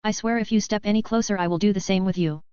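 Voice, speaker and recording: Sprecherin als wütende verratene Königin. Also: female voice, medium pitch, fast talker, warm tone, clear, resonant tone, no room sound, lo-fi sound, lightly acted. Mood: bitter. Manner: angry, accusing. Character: furious betrayed young queen, a woman.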